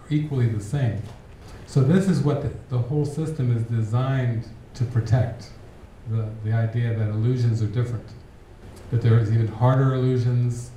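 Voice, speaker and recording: A man gives a relaxed, reflective spiritual talk, with a very warm and mellow tone. He sounds far from the mic in a strongly echoing hall. A faint background noise runs under his voice. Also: mid-range voice. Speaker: spiritual teacher. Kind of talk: spiritual talk with audience question.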